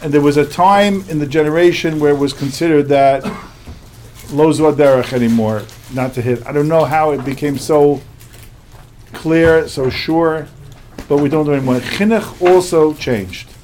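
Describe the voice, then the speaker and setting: A man's voice: on the high side, moderate pace, a little mellow, slight background noise. A middle-aged man from the United States, a religious teacher telling a story to his class in a repetitive, emphatic way.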